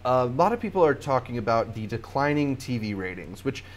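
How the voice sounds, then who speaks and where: A man's voice: medium pitch, big pitch swings, fairly quick. A man hosting a casual podcast, talking through long, run-on points about awards shows. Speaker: podcast host.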